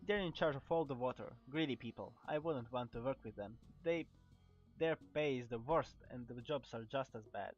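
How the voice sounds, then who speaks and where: A man's voice: mid-range voice, normal speed, faint music behind, natural voice. Man voicing a chatty gossiping shopkeeper woman. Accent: Croatian. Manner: reads lines aloud with stumbles and restarts. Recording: dull lo-fi recording.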